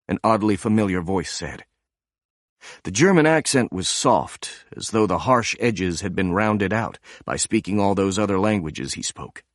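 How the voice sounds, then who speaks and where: A man narrating a thriller audiobook in a measured, even reading. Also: fairly low pitch, dry recording, clean studio sound.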